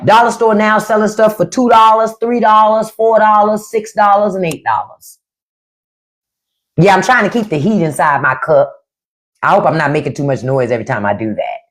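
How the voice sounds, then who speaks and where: A woman's voice: medium pitch, normal speed. Blunt, profane woman ranting on a livestream. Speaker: livestream host. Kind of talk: casual livestream rant.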